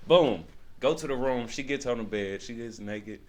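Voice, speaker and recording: Speaking at medium pitch and an even pace, this man is a podcast guest telling a lengthy tale in relaxed chat. He laughs a lot and performs the quoted words of others with real animation.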